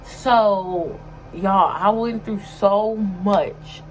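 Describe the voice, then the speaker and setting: A woman's voice: mid-range voice, drawn-out words, low-quality recording. A young woman talking casually to her vlog audience in an emotional, sometimes tearful way, with many fillers. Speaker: vlogger.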